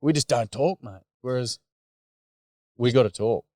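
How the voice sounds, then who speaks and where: A man's voice: mid-range voice, measured pace, darkish tone, no echo, clean studio sound. An Australian man, a workshop facilitator, telling stories in candid, blokey casual chat.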